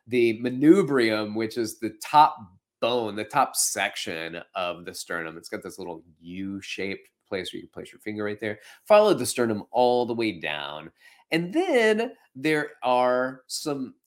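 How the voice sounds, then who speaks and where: Animated man teaching anatomy. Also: fairly low pitch, measured pace. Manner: folksy, chatty and animated. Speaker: podcast host and fitness instructor. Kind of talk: casual anatomy lesson.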